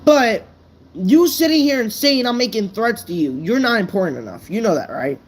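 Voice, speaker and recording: A woman's voice: on the high side, big pitch swings, normal speed, slight background noise, rough recording. A woman vlogger ranting unscripted to her viewers, blunt and profane, stumbling over her words. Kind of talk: unscripted rant to camera.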